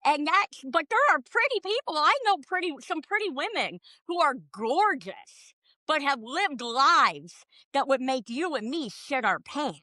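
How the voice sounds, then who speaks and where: High-pitched, bright, profane woman ranting. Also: a little slow, no room sound. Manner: animated, profane, self-mocking rants. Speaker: podcast guest. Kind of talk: casual podcast conversation.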